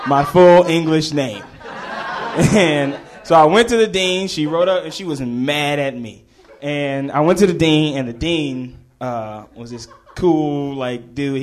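Animated man telling a funny story. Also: on the high side. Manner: animated, laughing, acting out the voices of people in the story. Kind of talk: live comedic storytelling to an audience.

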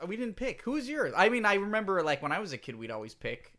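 A man's voice: high voice, sing-song, fast, bright, forceful tone. A man co-hosting a podcast, chatting casually in a playful, teasing way. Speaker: podcast co-host. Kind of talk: casual chat.

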